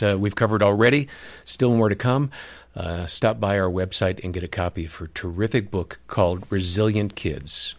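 Man, radio co-host, lowish voice, friendly announcement, dry studio recording. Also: no echo. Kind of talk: on-air announcement. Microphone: close studio microphone.

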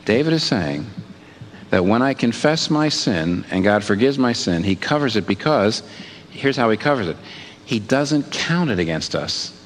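A man preaching a sermon, asking rhetorical questions and moving between hushed and emphatic moments. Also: lowish voice. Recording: long reverb with faint background noise.

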